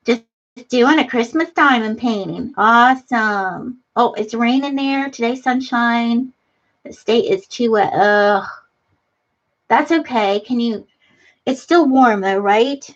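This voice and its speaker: A woman's voice: fairly high pitch, muffled recording. Chatty, giggly woman hosting a craft livestream. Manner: chatty, giggly, talks to viewers. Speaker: livestream host. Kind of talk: casual chat while crafting, reading comments. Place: front room of a house. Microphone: computer webcam mic.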